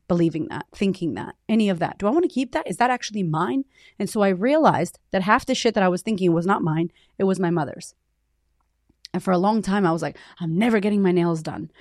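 A woman in her thirties, a podcast host and coach, giving a candid, high-energy motivational talk full of swearing. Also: no echo, clean studio sound.

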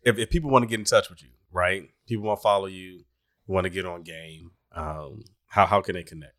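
A man's voice: low-pitched, fairly quick, a bit bright, no room sound, studio quality. A man hosting a podcast, upbeat and grateful, laughing often as he wraps up the show. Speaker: podcast host. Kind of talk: casual podcast chat and outro.

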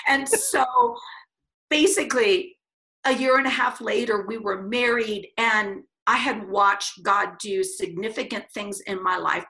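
A middle-aged woman telling her life story as a podcast guest, animated and acting out the voices of people she quotes. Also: a little high. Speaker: guest speaker.

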